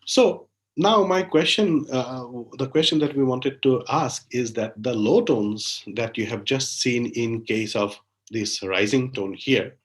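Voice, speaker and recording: A man giving an academic linguistics talk, explaining research step by step with frequent "like, you know" fillers and hesitations. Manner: frequent fillers "like, you know", pitch rising on new points. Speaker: linguistics lecturer.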